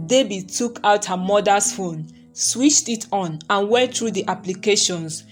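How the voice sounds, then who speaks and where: A woman narrating a romantic folktale story in a steady, even reading voice. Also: medium pitch, measured pace, few pauses, faint music behind.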